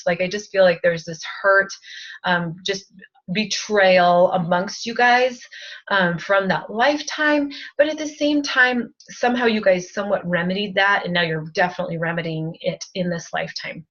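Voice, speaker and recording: A woman spiritual advisor leading a group energy-healing session over a video call, speaking softly with emotional, halting phrasing and many fillers. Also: mid-range voice, lo-fi sound.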